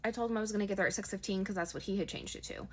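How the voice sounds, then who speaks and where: Fast-talking young woman telling a story. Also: mid-range voice, fairly even intonation, a little hiss or hum. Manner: chatty, exasperated retelling with lots of "like". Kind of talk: casual storytime.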